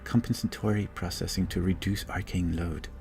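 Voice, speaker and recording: A man voicing a calm, clinical female magical construct who reports in precise, machine-like statements. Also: low-pitched, normal speed, vocal fry.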